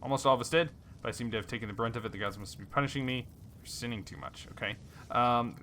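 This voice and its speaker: Bright-voiced man reading a game aloud. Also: mid-range voice, fast, slight background noise. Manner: reads story text aloud with fillers and small slips. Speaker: let's play host. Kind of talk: casual game narration, reading dialogue aloud.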